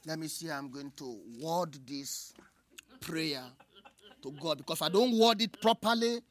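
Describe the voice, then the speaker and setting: A woman preaching a sermon, moving from hushed asides to loud, cried-out lines. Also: deep voice, measured pace. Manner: expressive, swings from hushed asides to loud cries.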